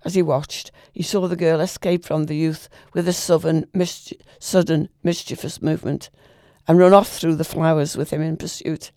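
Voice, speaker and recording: A woman reading a literary short story aloud in a measured, expressive way. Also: low-pitched, no echo, studio quality. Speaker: reader.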